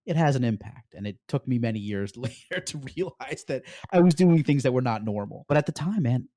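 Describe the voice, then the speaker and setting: A middle-aged man from the United States, a podcast guest recounting his story in an animated way and often saying "like". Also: mid-range voice, fairly quick. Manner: animated storyteller, peppers speech with "like". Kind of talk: storytelling interview.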